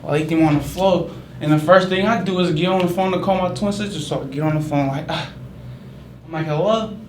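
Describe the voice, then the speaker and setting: A man's voice: on the high side, fairly quick. Slangy young Bay man, echoey. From San Francisco Bay Area. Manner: casual slangy retelling, many fillers of "like", animated when quoting himself. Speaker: storyteller. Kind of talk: personal spoken storytelling. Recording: echoey room, mic far off, noisy background.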